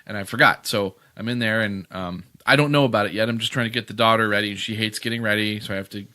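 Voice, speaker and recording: A man's voice: on the low side, steady tone, fast, pushed and bright. A middle-aged man telling a story in casual chat as a podcast co-host, acting out his own panic.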